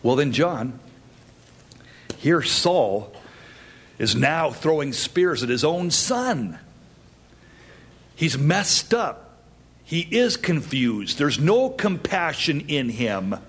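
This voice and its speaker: A man preaching a sermon, earnest, with dramatic pauses and rising emphasis. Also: a little high, big pitch swings, fairly bright tone, breathy edge. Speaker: pastor.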